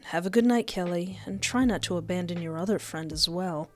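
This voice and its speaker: A woman voicing a caring handsome young man who talks softly and reassuringly. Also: on the low side, a little fast, faint music behind, close to an everyday voice. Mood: gentle.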